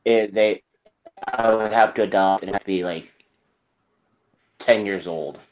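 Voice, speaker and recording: A man's voice: lowish voice, measured pace, dull audio. A man guesting on a casual chat who speaks bluntly and briefly.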